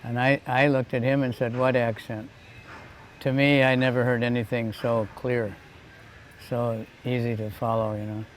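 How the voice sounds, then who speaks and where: A man recalling the past in a reflective, unhurried way, with fillers. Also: medium pitch, level tone, slight background noise. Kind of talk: reflective recollection.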